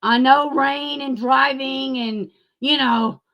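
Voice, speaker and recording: A woman's voice: high-pitched, fairly even intonation, slow pace, highs cut off. A woman hosting a livestream, ranting angrily and sarcastically, cursing often and speaking to viewers in the chat by name. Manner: angry, profane, sarcastic. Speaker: YouTube channel host. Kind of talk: livestream rant.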